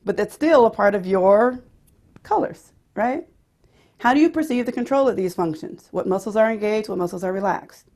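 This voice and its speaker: A woman's voice: mid-range voice, darkish tone. Woman, vocal pedagogy teacher, explains and demonstrates voices.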